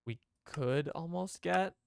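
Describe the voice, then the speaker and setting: A man's voice: fairly high pitch, slow pace, creaky, clean tone, no room sound. A man streaming a game, chatting casually to his viewers and rambling as he plays. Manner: rambling, chatty, talks to chat.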